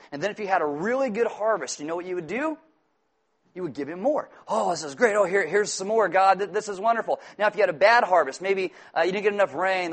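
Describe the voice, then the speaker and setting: A pastor preaching with a light, high-pitched male voice. He tells stories in a lively, self-mocking way and keeps turning to the congregation with asides. His speech stays casual and conversational. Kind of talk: sermon.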